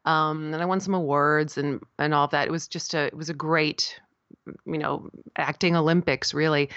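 A middle-aged woman from South Florida, a puppeteer and voice actor, telling stories as an animated interview guest. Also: low-pitched, no echo, muffled recording. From South Florida, USA. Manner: animated storyteller, laughs often, jumps into quoted voices. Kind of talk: casual interview chat.

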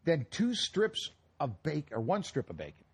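This co-host of a live radio cooking show talks at a moderate pace with huge pitch swings, his voice on the high side, darkish and breathy at the edges. Broadcasting remotely from a retail store, he jokes, rambles through casual banter and coughs occasionally.

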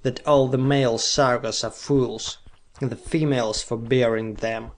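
A man's voice: mid-range voice, fairly even intonation, a little slow, lightly acted. A man voicing a scornful, arrogant male rival genius who speaks in curt snarls, in a pulp audiobook reading. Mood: snarling.

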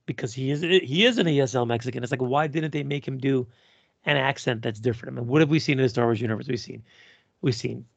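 A man with a gravelly, husky voice rambles through a casual podcast chat, swearing freely. The sound is dry and a little dull, with no room around it. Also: medium pitch, fast, dry recording. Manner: profane, rambling, laughs often. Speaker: podcast co-host. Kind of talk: casual chat reviewing a TV episode.

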